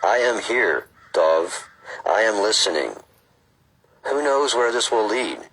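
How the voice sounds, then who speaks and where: A man reading aloud as a calm, gentle AI presence that is open and curious, in a slow, soothing delivery. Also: on the low side, breathy edge, pitched above the performer's own voice, exaggerated voice, low-quality recording. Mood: serene.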